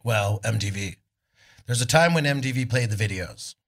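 A middle-aged man from California, a guest musician telling laid-back, animated stories at a live podcast show, acting out what others said. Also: fairly low pitch, moderate pace. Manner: laid-back, animated storytelling with voices for quotes. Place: arts club on stage before an audience.

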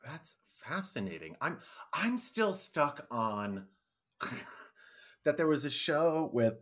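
A woman co-hosting a casual podcast, talking expressively and swinging between loud and soft. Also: low voice, big pitch swings, slow pace. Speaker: podcast co-host.

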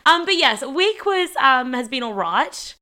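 A woman's voice: high-pitched, sing-song, measured pace, sharp tone. A young Australian woman with an Australian accent, co-hosting a podcast in casual, teasing chat, laughing often. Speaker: podcast co-host.

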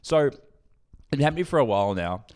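A man's voice: mid-range voice, moderate pace, clear, resonant tone. A young man, co-hosting a casual podcast, telling a story with lots of laughs, swearing and acted-out quotes. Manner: animated, swearing, laughs a lot, acts out quotes. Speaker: podcast co-host.

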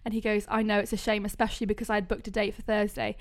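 A woman co-hosting a casual chat podcast, telling stories quickly and laughing often. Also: mid-range voice, little pitch movement. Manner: quick, giggly storytelling. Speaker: podcast co-host.

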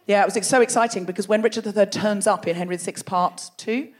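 A woman's voice: mid-range voice, quick pace. A woman hosting a comedy podcast on a theatre stage, bantering playfully with the crowd and laughing often. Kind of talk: live stand-up audience banter. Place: large theatre before a live audience.

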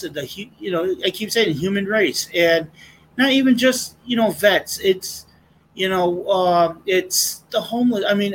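A man's voice: high-pitched, a bit bright, a little hiss or hum, rough recording. A middle-aged man, a guest sharing his testimony in an earnest, impassioned, rambling way. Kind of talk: casual conversation.

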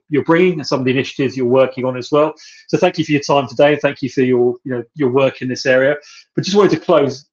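A man hosting a company podcast, thanking the listeners in a rambling way and saying "you know" over and over. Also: mid-range voice. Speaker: podcast host. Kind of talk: podcast interview. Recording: dull lo-fi sound.

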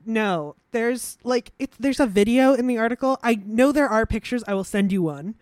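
Woman, podcast co-host, casual chat, reads news aloud, halting fillers, dry sound. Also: a little high, a little mellow, no room sound. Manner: halting, with many fillers and restarts.

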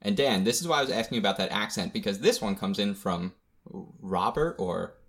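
A man's voice: on the low side, expressive, fast talker. A man hosting a casual comedy podcast, reading listener letters aloud with joking asides.

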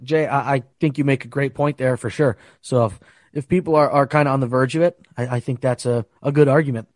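A man's voice: medium pitch, fairly even intonation, a little fast, no echo, studio quality. A young man hosting a casual sports betting talk, ranting heatedly and swearing often. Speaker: sports betting podcast host.

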